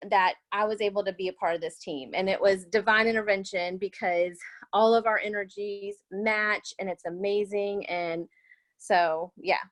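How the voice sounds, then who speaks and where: A woman's voice: mid-range voice, a bit bright. A young woman, a new health coach, telling her story in an earnest, rambling way with many fillers. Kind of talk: webinar testimonial.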